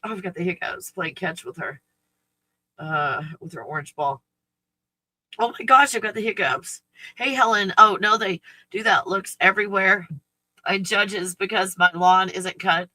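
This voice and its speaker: A woman's voice: mid-range voice, normal speed, bright, forceful tone, dry recording, low-quality recording. A woman hosting a casual live stream from home, blunt and freely swearing, cooing in baby talk at her dog.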